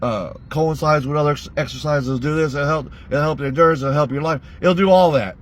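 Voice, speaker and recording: A man's voice: fairly high pitch, fairly quick. A man ranting bluntly to his audience in a heated monologue, swearing constantly. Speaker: vlogger.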